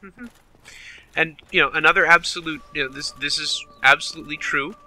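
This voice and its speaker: A man's voice: on the high side, fairly quick, pushed and bright, low-quality recording. A man joking and chatting as a co-commentator on a game playthrough. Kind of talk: gaming commentary banter.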